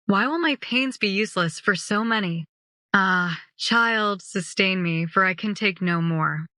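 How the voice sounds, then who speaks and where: A woman's voice: mid-range voice, a little slow, bright, forceful tone, dry recording, clean studio sound. A woman reading the words of a suffering, sorrowful Jesus in a tender, anguished voice. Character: suffering Jesus, grown man, sorrowful and pleading.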